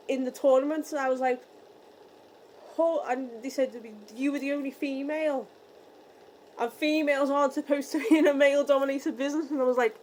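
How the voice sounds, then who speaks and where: A young British woman from the UK telling a story in a casual vlog, acting out the dialogue with lively energy. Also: high-pitched, a little hiss or hum, low-quality recording. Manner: animated, re-enacting dialogue. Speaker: vlogger.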